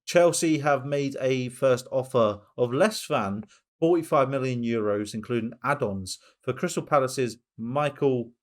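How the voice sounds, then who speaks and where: A man co-hosting a football podcast, chatting casually, blunt and quick to laugh and swear. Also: medium pitch. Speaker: podcast co-host. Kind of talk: casual chat.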